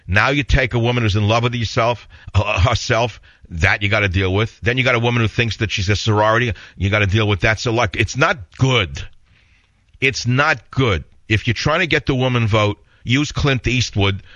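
A man's voice: on the low side, fairly bright tone, dry recording, highs cut off. A man with a heavy New York accent hosting a talk radio show, opinionated and rambling in a blunt monologue.

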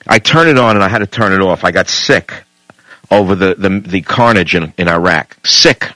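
A male talk radio host rants bluntly and combatively. His voice is bright and forceful. It sits close and dry in the studio, with no room sound. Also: low voice, moderate pace, dry recording, rough recording.

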